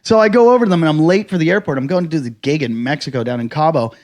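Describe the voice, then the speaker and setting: Animated American man telling a wild story. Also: fairly high pitch, rapid-fire. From United States. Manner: animated storyteller, shouts quoted lines, swears a lot. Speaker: podcast host, stand-up comedian. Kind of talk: casual storytelling chat.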